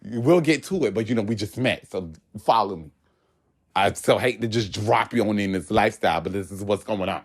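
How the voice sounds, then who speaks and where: A young man telling a work story in a casual, animated way, swearing often and acting out what people said. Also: fairly low pitch, fairly quick. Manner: animated, profane storytelling with acted quotes.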